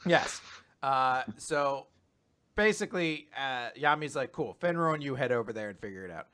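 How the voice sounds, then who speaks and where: A young man casually chatting as a podcast co-host, rambling through summaries and slipping into animated quoted voices. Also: medium pitch, normal speed, clear, resonant tone. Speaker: podcast co-host recapping manga. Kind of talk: casual chat.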